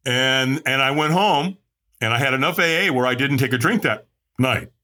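A middle-aged man recounting his past on a podcast, bright and forceful in tone. He tells it candidly and with plenty of life, jumping up in pitch whenever he acts out what someone said. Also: moderate pace. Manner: animated, acts out quoted voices with big pitch jumps. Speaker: podcast guest. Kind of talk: candid storytelling.

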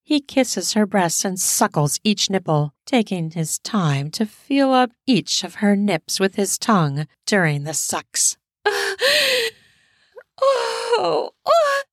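A woman narrating an erotic audio story in a steady, explicit storytelling manner. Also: mid-range voice, measured pace, few pauses, no echo, clean studio sound.

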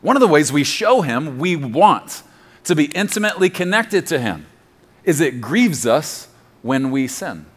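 A middle-aged man preaching a conversational sermon as pastor, dropping to a soft murmur for quoted prayers and apologies. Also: fairly high pitch, very animated, unhurried.

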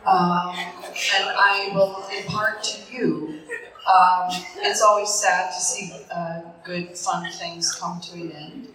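A woman's voice: on the low side, little pitch movement, takes it slowly, music in the background. A woman actress on a convention panel, chatting in a jokey, rambling way and laughing often. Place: convention stage. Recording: echoey hall, voice from far off.

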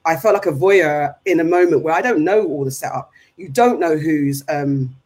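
A man with a slightly higher voice talks enthusiastically in relaxed podcast chat. He thinks aloud, reflective and a little rambling, as a co-host who interviews for a living. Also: normal speed. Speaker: podcast co-host and entertainment journalist. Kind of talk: casual chat.

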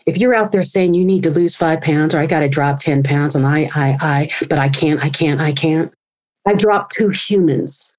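A woman in her forties telling her story as an interview guest, animated and acting out the people she quotes. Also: low voice, moderate pace, low-quality recording. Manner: animated, acts out quoted voices. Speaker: guest speaker and author.

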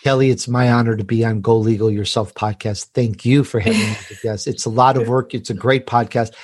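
A man's voice: medium pitch, steady tone, fairly quick, darkish tone, breathy edge. A man guesting on a podcast, talking with enthusiasm and rambling a little with restarts. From Italian heritage. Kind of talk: podcast interview.

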